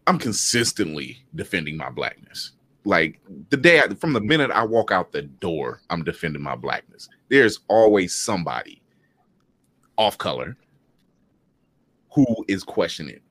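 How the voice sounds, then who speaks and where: A man's voice: low voice, a bit bright, no echo. A man in his thirties talking bluntly and emphatically on a panel discussion, swearing freely as he tells his own stories.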